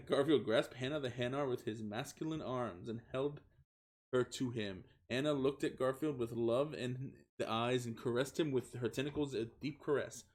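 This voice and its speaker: A man's voice: medium pitch, moderate pace. Giggly young man reading fanfic aloud. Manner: giggling, swearing asides, frequent stumbles. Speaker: streamer. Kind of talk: comic reading of fan fiction aloud.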